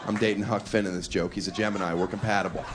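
A man's voice: sits low, fairly even intonation, quick pace. A man doing a stand-up comedy set on stage, with a brash, mocking delivery. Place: stage before a live audience. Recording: live club recording with crowd noise. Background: audience laughter.

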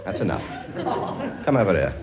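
A man's voice: low voice, sing-song, brisk, a crowd in the background. An actor playing a cheeky, bossy king who lectures his many children in a comedy sketch. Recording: noisy recording.

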